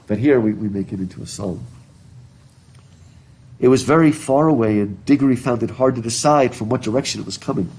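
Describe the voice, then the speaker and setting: A man's voice: medium pitch, brisk, darkish tone, husky. A middle-aged man, a professor, lecturing a class in a chatty, digressive way, reading passages aloud and asking students questions. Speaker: college professor. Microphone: recording device in a classroom, speaking through a mask.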